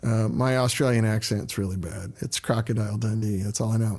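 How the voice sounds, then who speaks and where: Relaxed chatty man hosting a livestream. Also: fairly low pitch, brisk. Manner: relaxed, rambling, greets viewers by name. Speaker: livestream host answering viewer questions. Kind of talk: casual livestream chat.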